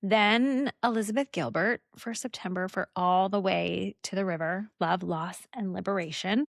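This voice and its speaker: A woman co-hosting a book podcast in casual chat, talking in a chatty, animated way full of rambling asides. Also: mid-range voice, moderate pace, creaky, dry recording, clean studio sound. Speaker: podcast co-host.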